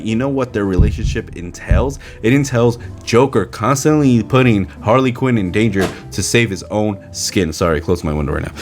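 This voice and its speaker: A male podcast host delivers a casual commentary rant into a pop-filtered studio mic. His voice swings widely up and down as he piles on incredulous rhetorical questions. He sounds exasperated and keeps pressing his point. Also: lowish voice.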